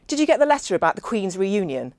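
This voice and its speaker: A woman's voice: medium pitch, sing-song, quick pace, a little mellow, no echo. Woman voicing a strained, jolly man. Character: eager, anxious-to-please male dinner guest.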